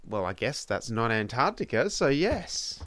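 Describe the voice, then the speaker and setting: A man's voice: medium pitch, very animated, unhurried, a bit bright, no room sound. A man co-hosting a podcast, wryly reading trivia facts in casual chat. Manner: wry, reads trivia aloud. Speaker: podcast co-host. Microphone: studio microphone.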